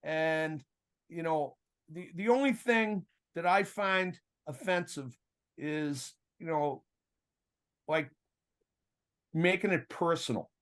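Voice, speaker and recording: A man's voice: a little high, slow pace, long pauses. An older man, a former referee, telling stories in a casual podcast chat and acting out the quoted exchanges. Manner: animated storyteller, acts out quoted exchanges, chuckles often.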